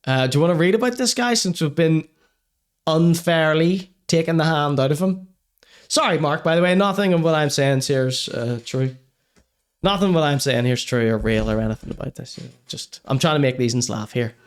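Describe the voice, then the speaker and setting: A man's voice: on the high side, normal speed. A man hosting a live-streamed comedy show, ranting crudely in mock seriousness and then apologising over and over. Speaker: podcast host. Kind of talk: live-streamed comedy rant and chat reading.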